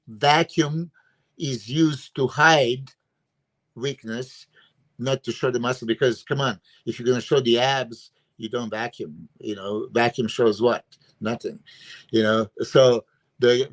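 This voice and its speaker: Medium in pitch and a bit bright, the voice is that of a man, a bodybuilding coach and guest analyst whose first language is Serbian. He's opinionated and emphatic in a casual podcast chat over a video call, using lots of "you know" and "uh."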